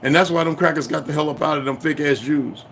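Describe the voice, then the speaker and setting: A man's voice: a little high, fairly even intonation, quick pace, a bit bright, a little hiss or hum. A man hosting his own channel, mixing a blunt, profane rant with reading a text aloud, recorded at home. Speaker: channel host.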